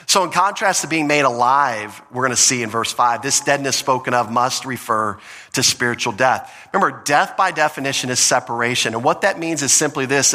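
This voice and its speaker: A man's voice: mid-range voice, sharp tone, long reverb tail. A man preaching a sermon as pastor, earnest and teaching, often restarting his phrases.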